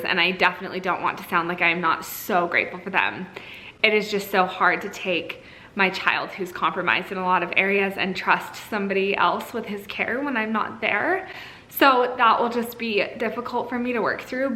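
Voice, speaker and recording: A woman's voice: medium pitch, bright, forceful tone, rough recording. Young woman, mom vlogger. Casual, heartfelt talk to camera. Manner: open and emotional, sweet singsong when talking to her kids. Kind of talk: casual vlog chat to camera.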